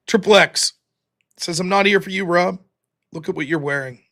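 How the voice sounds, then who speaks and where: A man's voice: fairly high pitch, moderate pace, fairly bright tone. An American man hosting a live stream, reading viewer donations aloud in a mock-wounded, self-deprecating way. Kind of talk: casual live-stream chat.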